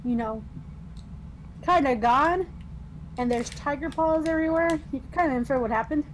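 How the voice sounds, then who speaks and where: A woman with a high voice speaks casually and bluntly, making her points in a matter-of-fact way. She sounds relaxed, as in friendly chat. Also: moderate pace, poor audio. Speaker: guest on a game stream.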